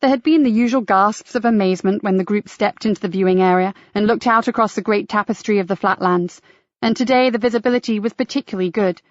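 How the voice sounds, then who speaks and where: A woman narrating a mystery audiobook in a measured, even storytelling manner. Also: mid-range voice, no echo, muffled recording.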